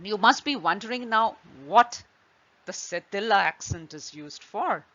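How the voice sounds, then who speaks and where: A woman's voice: medium pitch, lively intonation, unhurried, bright, forceful tone. A woman hosting an online French lesson, explaining patiently step by step with examples. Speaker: French teacher. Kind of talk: slow online language lesson. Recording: slightly dull lo-fi recording.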